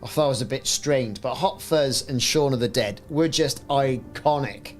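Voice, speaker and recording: A man's voice: mid-range voice, moderate pace, faint music behind. A man with a Welsh accent hosting a casual gaming livestream, chatting and joking with mock sports commentary asides. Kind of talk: casual live-stream chat.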